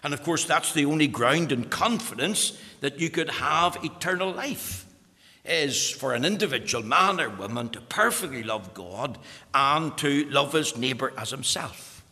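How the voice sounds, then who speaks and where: Guy preaching a sermon, kinda high voice, really lively ups and downs, long echo like a big church hall. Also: unhurried. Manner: emphatic, explanatory preaching to young listeners.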